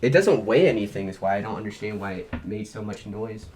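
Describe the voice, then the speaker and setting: A man's voice: lowish voice, animated, a little fast, darkish tone, a little hiss or hum. A man co-hosting a casual read-along podcast, joking and swearing freely while sick with covid. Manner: swears freely, jokey and self-mocking. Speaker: podcast co-host.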